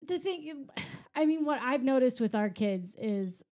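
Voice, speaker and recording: A woman's voice: sits high, animated, measured pace, darkish tone. A woman in casual chat, a fellow parent who mostly listens and agrees, then shares her own view. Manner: supportive listener, frequent agreement.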